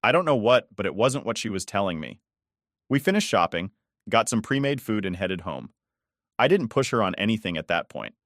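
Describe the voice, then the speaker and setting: A man's voice: on the low side, very animated, brisk, a bit bright, no room sound, studio quality. A man in his thirties narrating a personal story in a casual, conversational way. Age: 30s.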